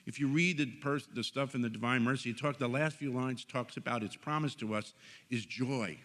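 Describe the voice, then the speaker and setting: Male conference speaker, mid-pitched, earnest faith talk with a comic, animated storytelling streak. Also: normal speed. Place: conference hall stage.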